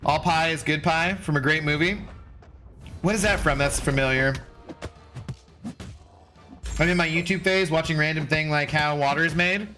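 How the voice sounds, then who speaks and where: A man in his forties from Washington State talks loosely with his livestream viewers, swearing freely and laughing often. His voice sits a little high and sounds bright and forceful. Faint music plays under him. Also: moderate pace, long pauses. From Washington State, USA. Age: 40s. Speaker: livestream host reading chat. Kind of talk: casual chat.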